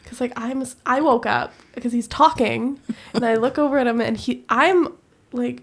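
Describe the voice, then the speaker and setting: A woman co-hosting a podcast, telling animated stories in casual chat and laughing often. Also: a little high, moderate pace, vocal fry, slightly rough. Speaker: podcast co-host. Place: US-born living in Korea.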